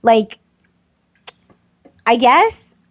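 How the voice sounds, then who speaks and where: Woman podcast co-host, unsure and halting, slow delivery, pitch moving a lot. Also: sing-song. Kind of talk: casual chat.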